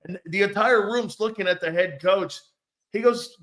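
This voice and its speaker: A male sports show host with a somewhat high, slightly bright voice chats casually at a moderate pace during an interview. He asks long, winding questions and brings retold stories to life.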